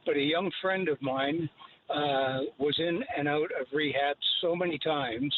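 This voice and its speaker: A man in his eighties calling in to a radio show, speaking in a halting way with frequent pauses. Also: on the high side, slight background noise. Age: 80s. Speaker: caller. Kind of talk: phone-in opinion. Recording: tinny phone line.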